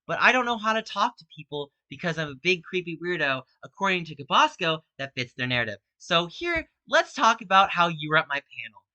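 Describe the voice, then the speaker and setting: A woman's voice: lowish voice, big pitch swings, a little fast, hardly any pauses, bright, forceful tone, no echo, low-quality recording. A woman delivering an agitated, accusatory rant straight at an opponent in a video statement, repeating herself and growing more heated. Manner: repetitive, emphatic, grows more heated. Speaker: speedrunner and video host.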